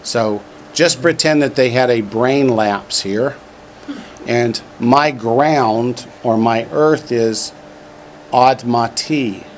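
A man speaks slowly in a mid-range voice over slight background noise while teaching Hebrew. Reading from the textbook, he drills his class on vocabulary and slips in dry, joking remarks.

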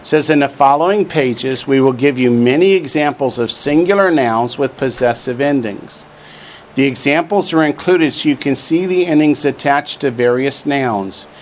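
A Hebrew teacher with a mid-range voice reads from a textbook during a class, drilling vocabulary and tossing in dry, joking asides. There's a little hiss or hum in the recording.

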